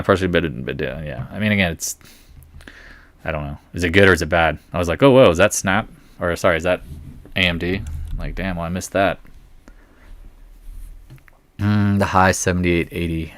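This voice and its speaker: A man's voice: low voice, sharp tone, no echo. A man hosting a live market stream, thinking aloud in a wry, blunt way as he reads through earnings.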